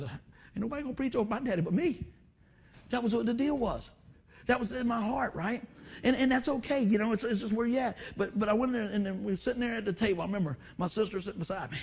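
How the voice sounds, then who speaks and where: Husky-voiced preacher man. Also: high-pitched. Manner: emotional, repetitive exhortation with call-and-response asides. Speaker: pastor. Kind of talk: sermon.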